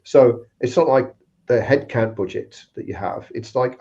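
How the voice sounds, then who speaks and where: On slightly dull, lo-fi audio, a recruitment guest speaker chats casually through work anecdotes and performs the voices of those he quotes. His tone is warm and medium-pitched, his pace measured.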